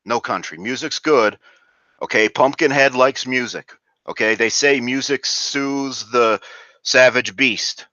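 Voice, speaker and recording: A man's voice: mid-range voice, a little slow, sharp tone, no echo. A man doing a reaction commentary vlog, ranting crudely and rambling with fillers and restarts. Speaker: video commentator. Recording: dull lo-fi dry recording.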